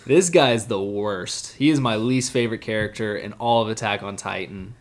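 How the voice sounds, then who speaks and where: Man, low voice, podcast co-host, casual anime recap, blunt, joking. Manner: joking, blunt, mimics characters in quick asides.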